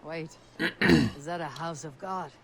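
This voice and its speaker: A woman's voice: deep voice, takes it slowly, vocal fry, crowd noise, full character voice. An actress playing a confident, blunt Viking woman warrior in a video game. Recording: game audio over loud city ambience.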